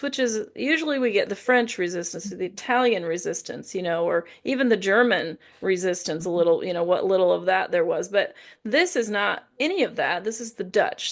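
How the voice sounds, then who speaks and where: A woman's voice: mid-range voice, gravelly. A woman from Indiana co-hosting a book podcast, chatting casually in a rambling, self-correcting way. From Indiana, USA. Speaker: podcast co-host. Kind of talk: casual book-review chat.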